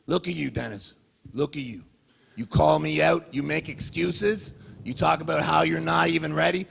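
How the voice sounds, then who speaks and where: A man's voice: on the high side, normal speed, creaky, fairly bright tone, a little hiss or hum. A man from Canada trash-talking a rival at a press conference, heated and repeating his challenges. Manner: heated, repetitive, taunting questions. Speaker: arm wrestler at a press conference. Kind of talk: confrontational trash talk. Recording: reverberant hall.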